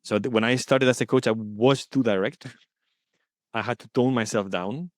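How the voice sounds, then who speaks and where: A man speaking as the guest in an interview, earnest and thoughtful, often pausing to search for his words. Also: mid-range voice, no room sound, clean studio sound. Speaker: guest coaching supervisor. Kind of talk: reflective interview talk.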